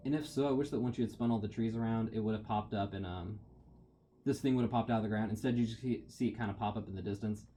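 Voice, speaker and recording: A man's voice: lowish voice, quick pace, dark tone, slight background noise. A man giving rambling, self-deprecating commentary while playing a video game. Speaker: gamer. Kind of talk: let's play commentary. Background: faint game music.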